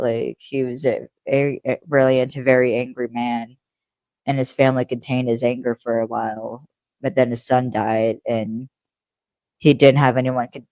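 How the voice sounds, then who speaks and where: A woman's voice: a bass voice, warm tone, no echo. A woman co-hosting a podcast in casual chat, rambling with lots of fillers and laughing easily. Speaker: podcast co-host.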